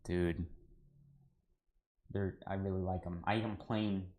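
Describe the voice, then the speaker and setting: Low-voiced man chatting while he cooks. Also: steady tone, slow pace, dark tone. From United States. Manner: rambling, chatty, says "dude" often; talks to chat while cooking. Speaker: cooking livestreamer. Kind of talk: casual livestream chat.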